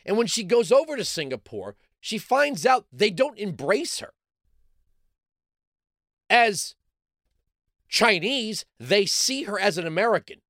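A middle-aged New man holds forth as a talk host, his voice pitched high and swinging widely as he jabs with rhetorical questions. The sound is dry and close, with no room around it. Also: very animated, unhurried, pauses often, a bit bright, no echo. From New York City. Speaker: radio talk show host. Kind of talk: opinionated monologue.

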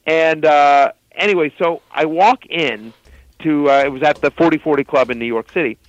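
Guy telling a story, kinda high voice, lots of ums and likes, dull dry sound. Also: moderate pace, no echo. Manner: animated storyteller, loose with fillers. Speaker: guest. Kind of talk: casual storytelling.

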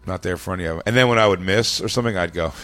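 Low-voiced American man joking crudely. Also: racing, fairly bright tone, faint music behind. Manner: crude joking banter, laughs often. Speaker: podcast co-host. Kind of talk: casual studio chat.

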